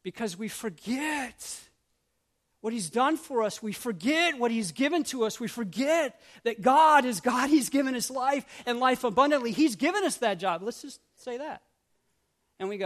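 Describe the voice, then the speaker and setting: A man preaching a sermon as pastor, swinging from urgent repeated questions to hushed prayerful lines and acting out grumbling voices. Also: very high voice, lively intonation, moderate pace. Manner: acts out grumbling voices with asides.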